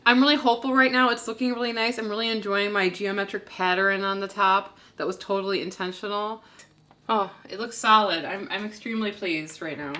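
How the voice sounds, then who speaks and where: A woman's voice: mid-range voice, fairly even intonation, a little fast, bright, forceful tone. A young woman co-hosting a cooking vlog from a home basement, walking through a recipe with self-deprecating jokes. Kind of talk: casual cooking demonstration. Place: home basement before a green sheet.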